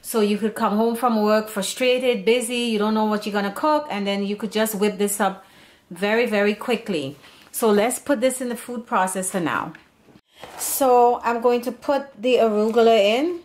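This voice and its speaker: A woman with a slightly high voice at normal speed hosts a home cooking channel from her home kitchen. Of Serbian background, she talks in a chatty, meandering way and keeps restarting her sentences.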